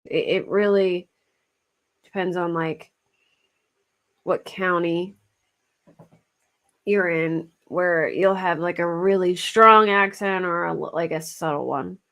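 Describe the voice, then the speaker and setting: A woman's voice: fairly low pitch, steady tone, slow pace, pauses often, a bit bright. A woman with a Philadelphia accent chatting casually with her livestream viewers, laughing often and fretting over how she says words. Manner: chatty, laughs often, self-conscious about her pronunciation. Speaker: true crime livestream host. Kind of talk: casual chat with live chat viewers.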